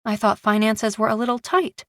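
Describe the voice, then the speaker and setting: A woman's voice: on the high side, steady tone, moderate pace, fairly bright tone, no room sound, studio quality, pitched above the performer's own voice. A woman reading a guarded young mother.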